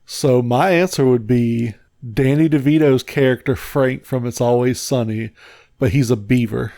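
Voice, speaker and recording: A man co-hosting a podcast in casual chat, laid-back and quick with short agreeing replies. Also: medium pitch, steady tone, warm tone, no room sound. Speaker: podcast co-host.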